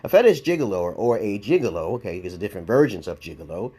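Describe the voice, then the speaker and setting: A man's voice: lowish voice, very animated, fast talker, dark tone, husky. A man in his forties with a New York accent, ranting bluntly in a rambling response video, full of profanity and repeated "okay?". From Brooklyn, New York. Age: 40s. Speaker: YouTube commentator. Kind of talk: casual response-video rant.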